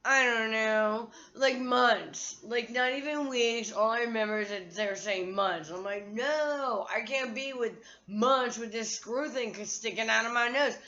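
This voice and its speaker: A woman's voice: fairly high pitch, a little slow, hardly any pauses, pushed and bright, muffled recording. A woman vlogger talking to her phone in a candid, profane, rambling monologue.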